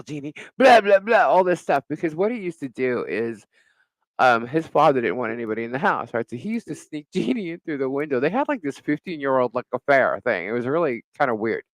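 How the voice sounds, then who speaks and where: A man's voice: on the high side, a little fast, dry recording, rough recording. A middle-aged man co-hosting a live talk show, telling a neighbor story in casual chat, laughing often and cursing freely. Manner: animated storyteller, frequent laughter, swears. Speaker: podcast co-host.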